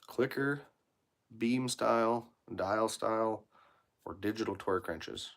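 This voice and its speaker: Livestreaming from his shop, a mechanic reads out viewer comments and rambles casually about tools in blunt, profanity-laced shop talk. His voice is lowish and his pace slow.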